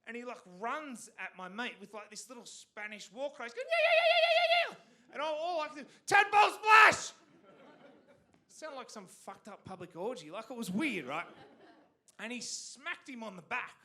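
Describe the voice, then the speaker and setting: Aussie bloke doing stand-up, high bright voice, swears a lot, rambles. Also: male voice, fairly quick. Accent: Australian. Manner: animated, rambling, profane. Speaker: stand-up comedian. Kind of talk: stand-up comedy storytelling. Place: community theatre stage.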